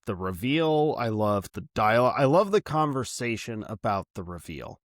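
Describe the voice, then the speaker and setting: A man co-hosting a film podcast in casual chat, animated and laughing often, talking in long run-on thoughts. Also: medium pitch, moderate pace, no echo, studio quality. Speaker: podcast co-host.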